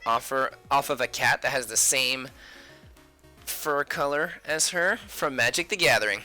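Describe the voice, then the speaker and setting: A man's voice: mid-range voice, a little slow, pushed and bright, faint music behind. A man chatting casually at home while he draws on a live stream, often muttering and whispering to himself as he sketches. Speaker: artist live-streaming his drawing.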